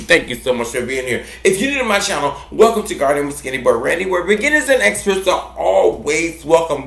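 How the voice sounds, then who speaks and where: Effusive, gravelly man with a swooping voice. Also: a bit bright, roomy sound. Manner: effusive and affectionate, repeats himself, big swings in pitch. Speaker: gardening channel host. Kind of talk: casual vlog chat to viewers.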